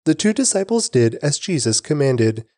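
A man narrating a scripture reading in a steady, measured way. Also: a little high, no echo, clean studio sound.

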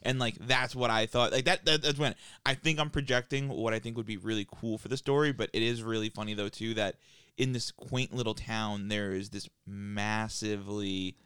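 Low-voiced man rambling nerdy tangents. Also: moderate pace, clear, resonant tone, no echo, clean studio sound. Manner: excitable, asks questions, filler "like" constantly, nerdy tangents. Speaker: podcast co-host. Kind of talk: casual podcast chat.

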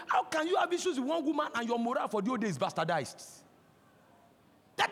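A man in his forties with a Nigerian accent, preaching a sermon as a pastor, impassioned and breaking into shouts. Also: extremely high pitch, vocal fry, breathy edge. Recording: long hall reverb.

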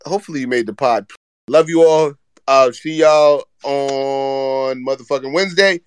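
A man's voice: mid-range voice, moderate pace, clear, resonant tone, no room sound. A man hosting a casual live audio chat, exasperated and profane as he keeps the others in line. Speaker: host.

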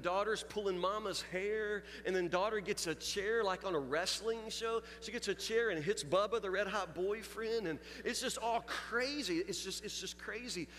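A man's voice: high-pitched, fairly bright tone, slight background noise. A man preaching a sermon, telling a story in a confessional, building way. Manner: storytelling, confessional, rising intensity. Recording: long hall reverb with faint music.

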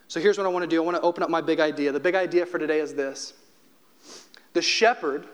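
A man preaching a sermon as a pastor, conversational and humorous, slowing down to stress key phrases. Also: fairly high pitch, steady tone.

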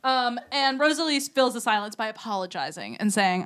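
A woman's voice: on the high side, animated, brisk, few pauses. A woman hosting a live podcast, recapping a story in a chatty, giggly way full of fillers. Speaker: podcast host. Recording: live show with loud crowd noise.

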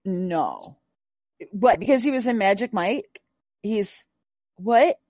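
A woman's voice: mid-range voice, expressive, slow pace, dark tone, no echo. Woman hosting a podcast, blunt and sweary, plain dry room sound. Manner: blunt, emphatic, swears freely. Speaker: podcast host. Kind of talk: casual chat.

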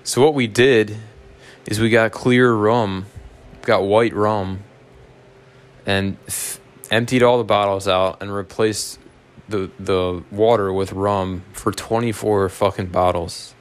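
A man with a lowish voice tells a story the way a podcast host does. He wanders off on tangents, swears freely and makes fun of himself. It sounds loose and unscripted. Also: fairly even intonation, takes it slowly. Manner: rambling, profane, self-mocking. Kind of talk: casual storytelling monologue.

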